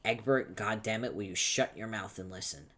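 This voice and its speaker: A man voicing an angry, foul-mouthed young male troll, shouting insults impatiently, reading a webcomic aloud. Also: lowish voice, normal speed. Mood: ranting.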